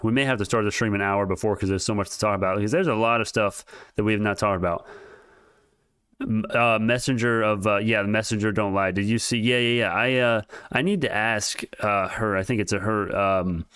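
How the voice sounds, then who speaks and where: A man hosting a live stock market stream, talking casually and excitedly, rambling and speaking straight to his chat. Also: fairly low pitch, fairly quick, clear, resonant tone, no echo, studio quality. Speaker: stock market livestream host.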